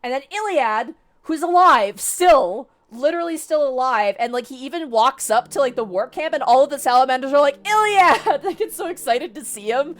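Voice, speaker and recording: A young woman streamer casually retelling a novel to her chat, talking quickly and excitedly, swearing freely and laughing mid-sentence. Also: high voice. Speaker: VTuber streamer.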